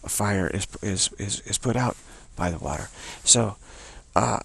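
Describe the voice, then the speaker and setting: A man giving a slow, repetitive dharma talk as a spiritual teacher, often restarting and chanting a soft "wow" refrain. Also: fairly low pitch. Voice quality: gravelly and husky.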